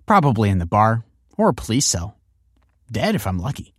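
A man's voice: lowish voice, big pitch swings, moderate pace, no room sound, studio quality. A man voicing a sarcastic rebellious schoolgirl. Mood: defiant, sarcastic. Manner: sarcastic, insolent. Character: defiant foul-mouthed teenage schoolgirl.

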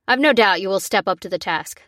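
A woman voicing a gruff, short-tempered male army sergeant who snaps out orders. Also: mid-range voice, lively intonation, brisk, fairly bright tone, no echo, studio quality, lightly acted.

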